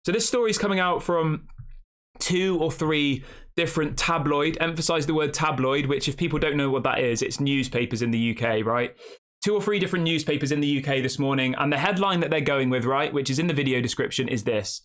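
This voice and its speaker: A man's voice: on the high side, a little fast, a bit bright. Man rambling through a fan live stream. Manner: rambling, reacting to chat with rhetorical questions. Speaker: fan channel host. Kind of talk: casual live-stream chat.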